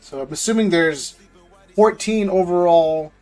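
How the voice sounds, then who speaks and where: A man's voice: sits high, a little slow, darkish tone, faint music behind. A man hosting a live stream, chatting casually and jokingly with viewers in loose slang, often repeating words as he goes. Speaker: live-stream host opening trading card packs.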